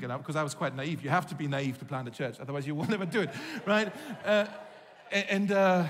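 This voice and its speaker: High-voiced pastor preaching in a reverberant hall. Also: male voice, normal speed. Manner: storytelling, animated, acts out quoted voices. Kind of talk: sermon. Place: church hall. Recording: long reverb of a large hall.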